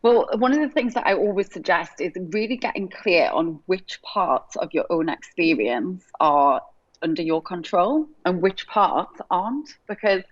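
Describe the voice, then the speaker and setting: English woman, 30s, lowish voice, upbeat and earnest, dry lo-fi sound. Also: no echo. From England. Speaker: guest coach. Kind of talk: interview answers.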